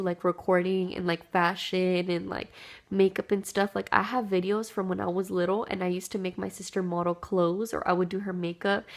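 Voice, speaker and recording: A young woman telling a childhood story to her camera in a casual, chatty way, full of "like" and "dude". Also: medium pitch. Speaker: vlogger.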